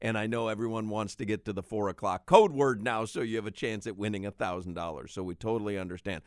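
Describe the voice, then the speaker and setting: A man hosting a sports radio show, talking fast and jokily and breaking into laughter. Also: lowish voice, no echo, studio quality. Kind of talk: casual radio banter. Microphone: studio microphone.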